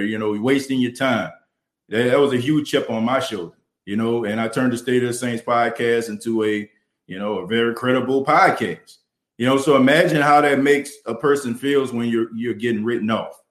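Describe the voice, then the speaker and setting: A man with a New Orleans accent hosts a live podcast from behind his mic and camera. He talks in a fervent, motivational way, packed with "you know" fillers, at an ordinary pitch. The sound bounces around an echoey room. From New Orleans, US South. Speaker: podcast host. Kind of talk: livestream podcast talk, reading chat. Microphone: studio mic and camera.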